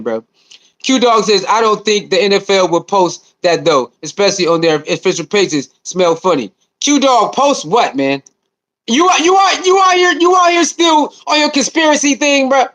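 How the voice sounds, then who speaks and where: High-voiced animated livestream host. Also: male voice. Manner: animated, repetitive, slangy banter with viewers. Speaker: livestream host reading chat. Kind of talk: casual livestream chat.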